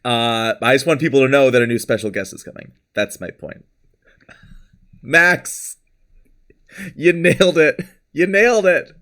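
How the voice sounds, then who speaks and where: A man's voice: medium pitch, animated, a little slow, pauses often, fairly bright tone. A man hosting a live stream, chatting casually and rambling, laughing often and thanking viewers from chat. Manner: reads out chat names and thanks followers. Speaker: livestream host.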